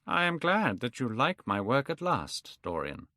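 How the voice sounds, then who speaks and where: Man doing a devoted painter in a storybook, earnest, lively voice. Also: medium pitch, a little slow, no echo, studio quality. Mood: hurt. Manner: earnest, pleading.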